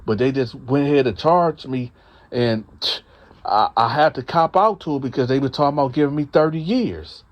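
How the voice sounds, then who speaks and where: A man recounts a story in a loose, conversational way, talking straight to his listeners as y'all. He is blunt and emphatic and swears freely, in a mid-pitched voice. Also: moderate pace. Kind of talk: casual storytelling to an audience.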